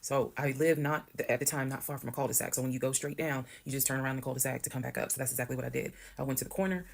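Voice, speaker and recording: A woman calmly telling a detailed personal story, acting out what others said. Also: very deep voice, rapid-fire, creaky, a little hiss or hum. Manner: calm, detailed, quoting others. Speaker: storyteller in a video.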